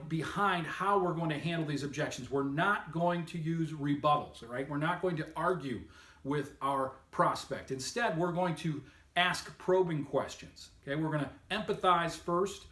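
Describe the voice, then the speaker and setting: A man's voice: a little high, a bit bright. Upbeat male sales trainer, echoey room. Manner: upbeat, emphatic, coaching tone. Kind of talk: instructional talk to camera.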